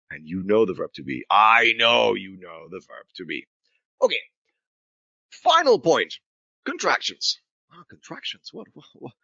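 A man's voice: on the high side, fairly bright tone, dry recording, muffled recording. A man teaching an English grammar lesson to Spanish speakers, asking and answering his own questions and switching into Spanish to explain.

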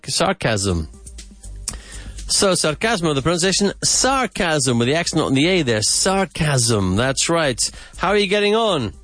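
A man hosting a podcast vocabulary lesson, repeating words slowly and with emphasis. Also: on the high side, fairly bright tone, dry recording. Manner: slow, emphatic repetition of words. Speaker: English teacher and podcast host.

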